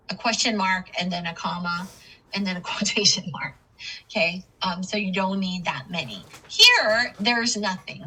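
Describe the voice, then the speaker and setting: Brief: woman ESL teacher, bright and a bit husky, patient classroom explainer. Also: mid-range voice, rough recording. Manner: patient, checks in with frequent "okay". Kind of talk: classroom lesson on punctuation.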